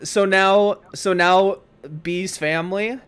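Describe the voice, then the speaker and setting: Animated, foul-mouthed young man telling a story. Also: high-pitched, slow pace, smooth. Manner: animated, swears freely, acts out quoted voices. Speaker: podcast host. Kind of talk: casual storytelling among friends.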